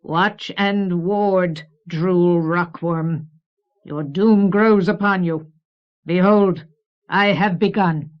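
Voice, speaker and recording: A woman voicing a deep, resonant, commanding unseen dark power in an audiobook. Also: steady tone. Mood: commanding, menacing. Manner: slow, commanding. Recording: dull old cassette recording.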